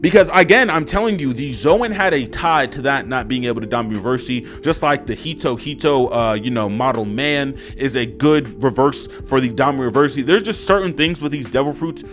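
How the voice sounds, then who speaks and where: A man's voice: medium pitch, normal speed, few pauses, a bit bright, faint music behind. A young man casually reviewing a manga chapter, rambling and profane with lots of fillers and slang.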